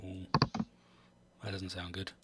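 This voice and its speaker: A man's voice: sits low, completely flat delivery, slow, heavy background noise. A man playing a tabletop game, talking hesitantly and stammering as he plays. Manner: hesitant, stammering, self-deprecating. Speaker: player.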